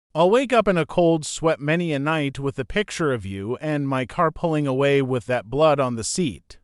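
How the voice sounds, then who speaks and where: A man's voice: fairly high pitch, clear, resonant tone, no echo, clean studio sound, natural voice. A man voicing a kindly older man, a joking grandfather who teases easily. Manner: joking, easygoing teasing. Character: teasing older man, kind grandfather driver.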